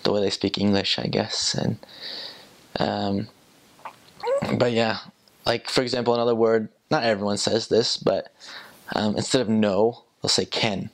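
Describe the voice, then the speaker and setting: A young American man chatting casually in a relaxed, rambling way, with many fillers and small chuckles. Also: lowish voice, unhurried, creaky, long pauses. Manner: relaxed, rambling, with frequent ums, likes and chuckles. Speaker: returned missionary. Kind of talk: casual chat.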